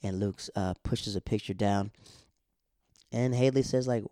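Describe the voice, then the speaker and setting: A man's voice: fairly low pitch, measured pace, mellow, no room sound, studio quality. A man casually recapping a TV episode in a slangy, laid-back storytelling way.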